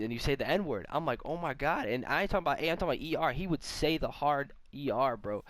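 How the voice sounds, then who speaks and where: A young man casually telling a rambling, animated story while gaming, full of fillers and asides. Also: medium pitch, no echo. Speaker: vlogger.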